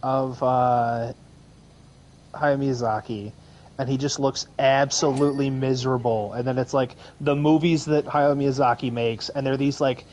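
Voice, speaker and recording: A man's voice: medium pitch, steady tone, a little slow, a little mellow, muffled recording. A man in his thirties co-hosting a casual podcast, rambling through long stories. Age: 30s. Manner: rambling, lots of fillers and restarts. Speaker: podcast co-host. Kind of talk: casual chat.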